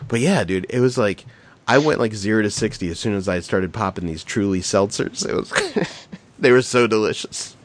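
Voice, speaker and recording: A man's voice: lowish voice, normal speed. A middle-aged man, a podcast co-host, telling stories in a casual, profane, laughing way. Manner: animated, profane, laughing storyteller. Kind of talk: casual storytelling chat.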